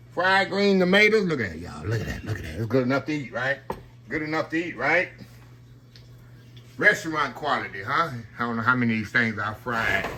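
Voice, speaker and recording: Home cook host, chatty "y'all" talker, very bright tone, faint frying noise. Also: male voice, on the high side. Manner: chatty, keeps saying "y'all". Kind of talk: casual cooking demo. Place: home kitchen, frying on the stove. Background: frying sizzle.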